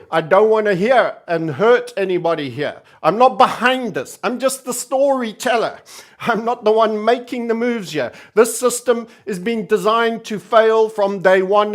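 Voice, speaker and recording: A man hosting energetic market commentary, theatrical and cheery yet sardonic and doom-laden. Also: high-pitched. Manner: theatrical, energetic and cheery, self-styled entertainer.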